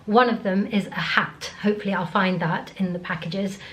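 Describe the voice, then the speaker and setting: A middle-aged woman vlogging casually to camera while ill and congested, hoarse and tired, often talking half-whispered. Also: mid-range voice, steady tone, normal speed, muffled recording, a little hiss or hum. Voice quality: gravelly. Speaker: beauty vlogger. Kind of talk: casual vlog chat to camera.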